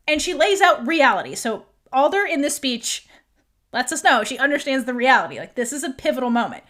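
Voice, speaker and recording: A woman's voice: fairly high pitch, a bit bright. A woman podcast host recapping a TV episode in a chatty way, full of "like" and half-acted lines from the characters.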